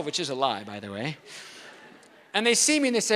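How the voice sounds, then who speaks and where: A man giving a storytelling talk on stage, animated and comic, acting out the voices in his stories. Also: high-pitched, fairly quick. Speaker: speaker at a convention. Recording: long hall reverb.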